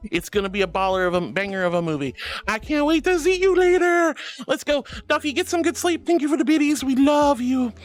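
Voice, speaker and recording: A woman live-streaming, gushing affectionately and giggling as she thanks her viewers in a soft, sweet way. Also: high voice, expressive, a little fast. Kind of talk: casual live-stream chat.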